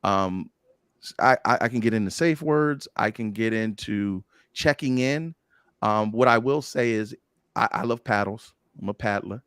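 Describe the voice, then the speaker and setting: Man, casual podcast guest, playful animated storyteller, dry mic. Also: lowish voice, measured pace, clear, resonant tone, no room sound. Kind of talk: candid casual chat.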